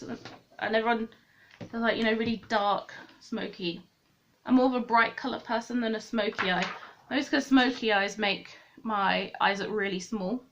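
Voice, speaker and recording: A beauty vlogger with a slightly high, somewhat bright voice talks through her makeup while doing it. She thinks aloud in a loose, chatty, rambling way, correcting herself mid-sentence. The audio sounds a bit dull and lo-fi.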